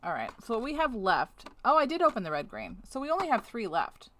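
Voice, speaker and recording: A woman's voice: fairly high pitch, huge pitch swings, a little fast, fairly bright tone. A woman streamer thinking aloud in casual chat while doing a task, talking to on-screen objects and scolding them, then apologizing. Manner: thinks aloud with self-talk. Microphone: webcam setup.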